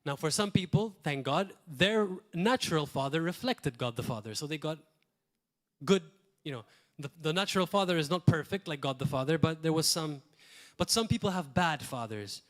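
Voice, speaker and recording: Earnest male preacher with a higher voice. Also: expressive, normal speed. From Malta. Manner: earnest preaching, rhetorical questions, swings between loud emphasis and quiet asides. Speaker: pastor. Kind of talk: sermon. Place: church.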